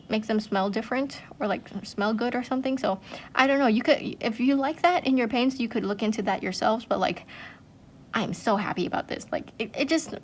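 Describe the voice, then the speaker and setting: A woman's voice: fairly high pitch, slight background noise. A woman hosting an art channel, gushing in casual chat, full of "like" and "um" fillers. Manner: chatty, gushing, many "like" and "um" fillers.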